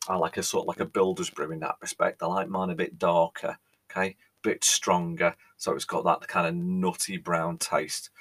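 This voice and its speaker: British man, podcast host, theatrical and exasperated, lowish pitch, bright forceful tone. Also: breathy edge. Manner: theatrical, exasperated, pausing, repeats "right?". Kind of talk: mock-outraged monologue.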